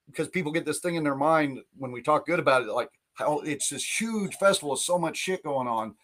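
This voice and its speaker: A man's voice: fairly high pitch, fast, few pauses, a bit bright. Rambling, laughing podcast co-host man. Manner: rambling, laughing, many restarts. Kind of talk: casual chat. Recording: live podcast stream.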